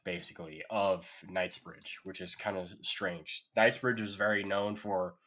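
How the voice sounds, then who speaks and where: A man's voice: deep voice, a bit bright. A man narrating a tabletop game as game master, casual and full of fillers. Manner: casual, loose descriptions with many fillers.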